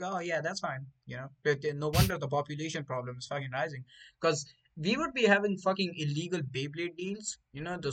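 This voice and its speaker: A young man from India hosts a casual podcast, telling crude stories from his school days in a voice on the high side, though the audio is poor. He's profane and animated, swearing a lot and acting out other people's voices.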